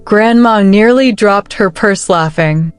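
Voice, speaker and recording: A woman narrating a story in a measured, even delivery. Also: mid-range voice, smooth, faint music behind.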